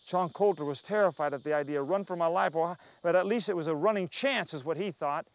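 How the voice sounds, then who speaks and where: A man's voice: a little high, fairly quick. A man telling a frontier story with sermon asides, acting out the characters as he goes. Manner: animated, acts out characters. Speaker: storyteller, preacher.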